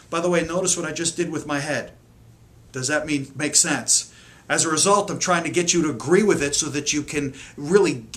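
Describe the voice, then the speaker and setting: A man's voice: high voice, fairly bright tone. Earnest man coaching parents on camera. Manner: earnest, emphatic, acts out parents' lines. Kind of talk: direct-to-camera lesson.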